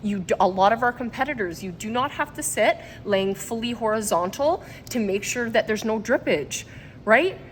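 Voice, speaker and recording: Speaking fairly high with lively intonation at a moderate pace, this woman vlogs casually to camera, emotional, rambling, and frequently bursting into laughter. She's a vlogger and product maker, and there's a faint hiss or hum.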